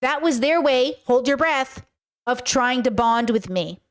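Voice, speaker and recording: High-voiced woman telling a candid story. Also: expressive, measured pace. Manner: candid, swears freely. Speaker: streamer reacting to live chat. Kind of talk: casual storytelling.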